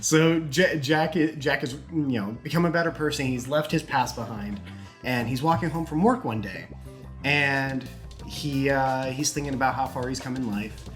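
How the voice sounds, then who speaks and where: A man's voice: medium pitch, a bit bright. A young man in the middle of his range rambles through a shaggy-dog joke, giggling and acting out bits of dialogue. Faint music sits behind his casual storytelling. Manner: rambling, giggly, acts out characters in quick snippets. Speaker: YouTube host telling a joke.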